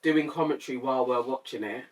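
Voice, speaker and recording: A woman co-hosting a podcast in casual chat, lively and quick to laugh. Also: extremely low pitch, recorded from a distance. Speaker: podcast co-host.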